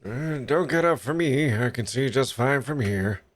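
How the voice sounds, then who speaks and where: A man's voice: medium pitch, animated, measured pace, a little hiss or hum, pitched above the performer's own voice, lightly acted. A man voicing a smug, offhand mobster-style dealer who lives at the dump in a video game. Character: shady, laid-back dealer from the dump.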